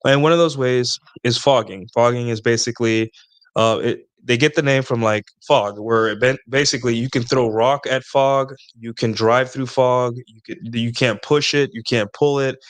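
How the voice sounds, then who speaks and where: A man gives casual advice to his listeners, wandering through his points and tagging "right?" onto almost every thought. His voice has a middling pitch and comes across smooth and clear. It sounds dry and close, with no room around it. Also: steady tone, normal speed, no room sound. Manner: rambling, repeats points with "right?" and "like". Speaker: host answering viewer questions.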